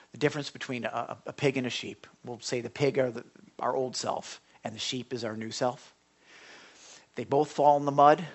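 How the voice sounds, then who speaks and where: Speaking at a medium pitch, this male pastor preaches in a folksy, conversational way. He keeps checking in with his listeners and alternates loud bursts with quiet asides.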